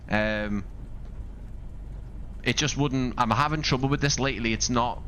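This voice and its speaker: A man's voice: mid-range voice, normal speed, long pauses, sharp tone, a little hiss or hum. A man from Liverpool with a Scouse accent, chatting casually while live-streaming a flight simulator, rambling and thinking aloud with asides to his viewers. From Liverpool, England.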